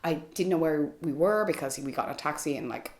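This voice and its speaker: Low-voiced woman telling a personal story. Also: fast. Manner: candid, frank, with frequent fillers like "like" and "you know". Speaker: vlogger. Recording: echoey room.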